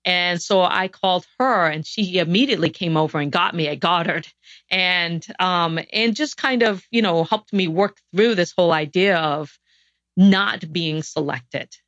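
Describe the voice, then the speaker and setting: A woman's voice: on the low side, a little slow, fairly bright tone, dry recording. A woman guest on a podcast interview, telling a personal story in an earnest, reflective way with frequent restarts. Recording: dull, dry sound.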